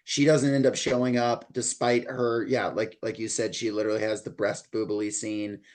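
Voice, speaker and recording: A man's voice: fairly low pitch, little pitch movement, normal speed, a little mellow. A man co-hosting a podcast, talking through a book in a loose, rambling way with lots of fillers. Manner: rambling, loose delivery full of likes and ums. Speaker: podcast co-host. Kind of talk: casual book-discussion chat.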